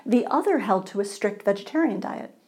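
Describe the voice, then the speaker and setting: A woman's voice: medium pitch, expressive, fairly quick, darkish tone. A woman pastor giving a sermon in a conversational way, asking the congregation for responses.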